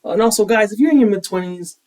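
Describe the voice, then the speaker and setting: A young man co-hosting a podcast in casual, opinionated chat, animated and quick to act out quotes. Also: high voice, far from the mic, rough recording. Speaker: podcast co-host.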